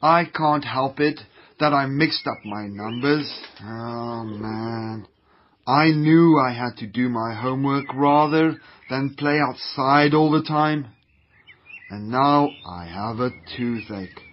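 A man's voice: medium pitch, takes it slowly, dull audio, a little hiss or hum, natural voice. A man playing a whiny young schoolboy. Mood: sulky. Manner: whiny, sulky complaining. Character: easily led young schoolboy. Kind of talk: children's radio drama.

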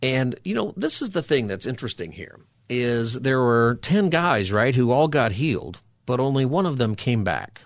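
A man of middle pitch walks through scripture in a relaxed, conversational teaching style, often pausing to check in with listeners through quick rhetorical asides. His voice is captured up close and dry, with almost no room sound around it. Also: no echo. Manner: chatty, asks rhetorical 'right?' and 'you know?' asides. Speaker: radio show host teaching scripture.

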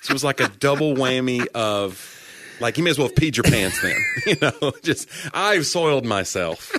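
A man's voice: mid-range voice, brisk, noisy background. A man co-hosting a podcast in casual chat, joking and teasing his partner, slipping into funny voices. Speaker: podcast co-host.

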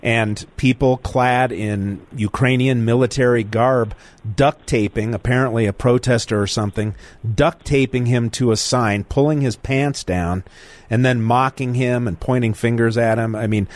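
A man's voice: medium pitch, steady tone, moderate pace. A man hosting a talk radio call-in show, talking bluntly and with indignation to his callers. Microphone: studio microphone.

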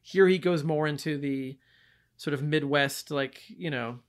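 Podcast co-host: a higher-pitched man, lively and quick to laugh, chatting about movies. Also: clear, resonant tone. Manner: animated, laughs often, mocks accents. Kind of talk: casual movie review chat.

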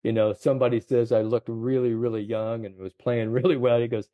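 A man in his seventies, a golf confidence coach, telling animated stories in an interview, full of "you know". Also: mid-range voice, brisk, no echo, phone-quality sound. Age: 70s. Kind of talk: storytelling interview chat.

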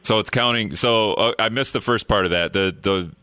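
A man's voice: on the low side, moderate pace, pushed and bright, clear, resonant tone, no room sound. A man from the hosting a call-in talk radio show, joking and rambling, often laughing at his own asides.

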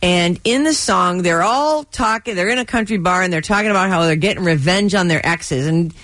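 A woman's voice: fairly low pitch, fairly quick, fairly bright tone, no room sound. A woman radio host chatting casually on air, recapping a comedy show with exasperated asides.

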